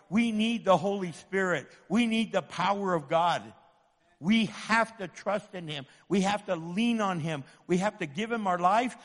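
A man preaching with fervor, driving his points home through repetition and voicing the doubts of his listeners. His voice sits high for a man. It rings out with a long reverb. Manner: impassioned, repetitive preaching with acted inner voices. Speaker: pastor. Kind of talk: sermon.

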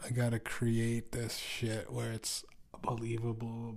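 A young man with a sore throat rambles through a solo podcast, clearing his throat now and then. He swears freely, flaring up hot and then sinking into low mutters. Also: monotone, slow pace. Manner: profane, rambling, swings from heated to mumbling. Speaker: podcast host.

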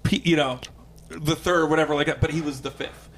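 Man, comedian, storytelling, higher-pitched, animated, faint background ambience. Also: a little fast, slight background noise. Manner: animated, acts out quotes with lots of fillers. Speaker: guest comedian. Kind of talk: casual storytelling.

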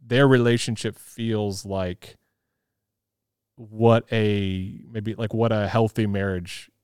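A man's voice: fairly low pitch, fairly even intonation, slow, a little mellow, smooth, dry recording, studio quality. A man co-hosting a podcast, explaining differences between book and film in a thoughtful, hedging way. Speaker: podcast co-host. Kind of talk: casual movie chat.

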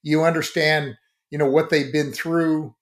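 A man's voice: fairly high pitch, level tone, measured pace. A man hosting a podcast in easygoing casual chat, leaning on filler phrases as he leads into his questions. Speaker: podcast host.

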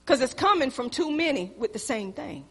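High bright woman preaching in reverberant hall. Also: animated, moderate pace, slightly rough. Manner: storytelling preaching, swings from loud exhortation to quiet asides. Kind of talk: sermon.

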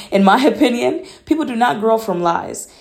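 A woman's voice: a little high, lively intonation, moderate pace, creaky, darkish tone. A young woman from Atlanta hosting a casual solo podcast, talking in a blunt, candid, matter-of-fact way. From Atlanta, USA. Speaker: podcast host.

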